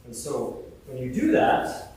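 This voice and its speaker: A man's voice: mid-range voice, huge pitch swings, takes it slowly, a little mellow, a little hiss or hum. Man giving a eulogy in an echoey hall. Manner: hesitant and fond, with many fillers. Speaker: eulogy speaker. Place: large funeral hall. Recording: echoey hall, mic far off.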